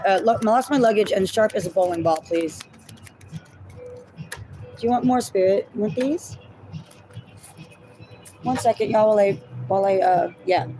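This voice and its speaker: A woman's voice: mid-range voice, dark tone, slight background noise, poor audio. A woman giving a casual tarot reading to her viewers, chatty, thinking aloud and laughing at herself as she goes. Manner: addresses viewers as y'all and my loves. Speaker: tarot reader.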